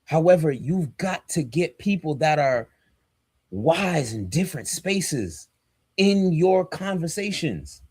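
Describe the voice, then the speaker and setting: Fired-up preaching man, lively pitch. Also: takes it slowly, husky, dry recording. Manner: emphatic and fired up, slangy and direct. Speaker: pastor and podcast co-host. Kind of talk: casual podcast talk with preachy motivation.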